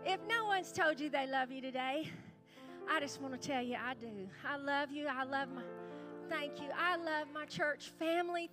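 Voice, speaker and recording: Woman pastor, very high voice, chatty, music playing behind. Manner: chatty, warm-hearted, calls out to the crowd. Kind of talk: welcoming the congregation from the pulpit. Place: church service.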